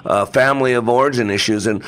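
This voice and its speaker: A man's voice: mid-range voice, fast, fairly bright tone. A man hosting a podcast, speaking earnestly and reflectively in casual conversation. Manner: earnest and reflective, with fillers and restarts. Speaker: podcast host.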